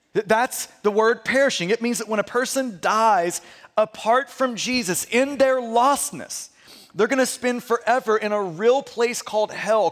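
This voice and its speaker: A man's voice: high voice, a bit bright, long reverb tail. A man preaching a sermon as pastor, earnest and sometimes stumbling over repeated words. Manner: earnest, repeats words when stressing a point.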